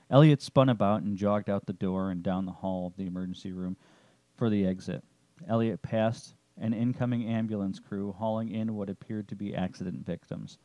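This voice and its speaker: A man narrating a story chapter in a steady, descriptive way. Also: on the low side, normal speed, no room sound, lo-fi sound.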